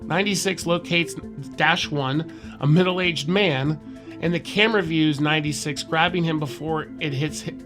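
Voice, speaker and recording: A man's voice: fairly high pitch, moderate pace, over music. Casual man reading a podcast file. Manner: casual, swears, laughs between read passages. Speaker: podcast co-host. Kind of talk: reading a horror file aloud, casual chat.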